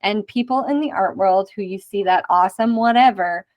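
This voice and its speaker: A chatty woman in her thirties hosts a relaxed podcast interview, talking in a mid-range voice. She keeps the talk lively by acting out bits of conversations she has had. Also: medium pitch, dull audio. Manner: chatty, quick to act out quoted conversations. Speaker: podcast host. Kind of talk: casual podcast interview chat.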